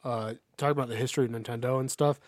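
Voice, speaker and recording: A man's voice: medium pitch, steady tone, very fast, dry recording, studio quality. A man co-hosting a casual podcast, talking animatedly with frequent stammered restarts. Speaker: podcast co-host. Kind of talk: casual chat.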